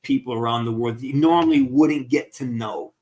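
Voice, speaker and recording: A man's voice: mid-range voice, fairly even intonation, a little fast, a little mellow. A man hosting a casual live-stream Q&A with fans over a video call, upbeat, encouraging and a bit rambling. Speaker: actor hosting a fan Q&A.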